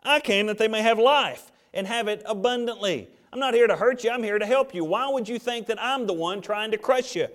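High-voiced preacher delivering a sermon. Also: male voice, brisk, few pauses, fairly bright tone. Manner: preaching, rising to emphatic peaks; reads scripture aloud. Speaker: pastor.

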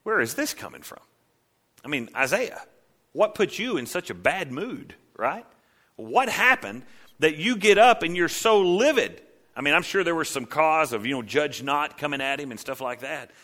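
A man delivering a sermon in a bright, forceful voice set a little high for a man. He preaches with drama, dropping to hushed, low phrases and then rising into loud, pleading cries. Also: lively intonation, normal speed. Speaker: pastor.

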